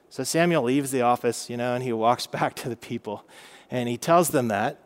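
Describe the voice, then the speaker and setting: A man's voice: mid-range voice, normal speed. A man in his thirties teaching a casual Bible lesson, chatty and humorous with many fillers.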